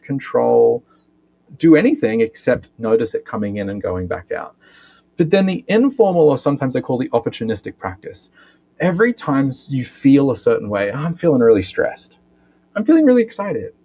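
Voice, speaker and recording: A physiotherapist and breathwork educator explains things in a podcast interview, often capping his points with a questioning "right?". His voice is mid-range and the recording has its highs cut off. He's an animated explainer who leans on tag questions a lot.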